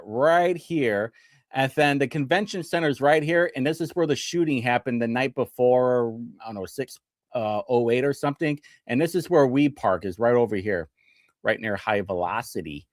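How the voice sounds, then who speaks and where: A man's voice: mid-range voice, dry recording, studio quality. A tipsy man hosting a comedic talk show, rambling and joking with many fillers and restarts.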